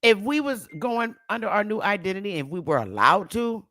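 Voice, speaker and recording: A woman's voice: medium pitch, expressive, brisk, pushed and bright, no echo. A woman giving a casual, emphatic lecture to camera, with repetitive, preachy asides. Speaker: self-styled history teacher.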